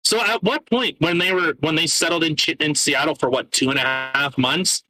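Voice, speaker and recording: Podcast co-host, male, bright edgy tone, sarcastic ranter, heavy swearing. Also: a little high, slight background noise, rough recording. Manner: sarcastic, swears often, reads charges aloud haltingly. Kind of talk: casual podcast rant.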